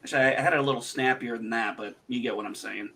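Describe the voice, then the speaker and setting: Host type: man, bright and punchy voice, animated storyteller who swears a lot and acts out quotes. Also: mid-range voice, rapid-fire, gravelly, husky. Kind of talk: casual livestream chat.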